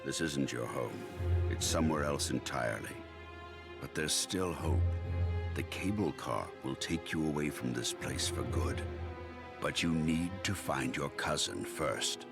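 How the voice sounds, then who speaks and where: Deep mysterious guardian spirit. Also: male voice, unhurried, music in the background. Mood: commanding. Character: mysterious male guardian spirit, calm and commanding.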